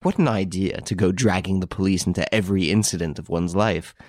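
Renine, a man reading a calm gentleman. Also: deep voice, fairly quick, no echo, clean studio sound, lightly acted. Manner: calm, gently insinuating, quietly assured. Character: calm, composed gentleman taking charge. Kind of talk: audiobook character reading.

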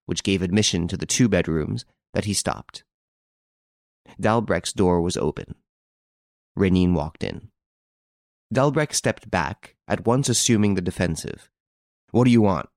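A man narrating a classic detective story in an even, measured reading, voicing the dialogue lightly. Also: low voice, no echo, clean studio sound. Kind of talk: scripted audiobook narration.

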